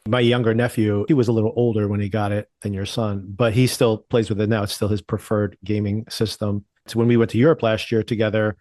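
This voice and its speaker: Low-voiced male podcast co-host. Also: little pitch movement, fairly quick, hardly any pauses, a little mellow, no echo, studio quality. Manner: chatty, does sing-song voices when quoting. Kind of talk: casual chat.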